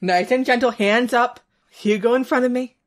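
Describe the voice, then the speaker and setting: A woman with a fairly high voice plays her bear in a tabletop game. She talks in a wry, joking way. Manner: wry, joking, quick to laugh. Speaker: player.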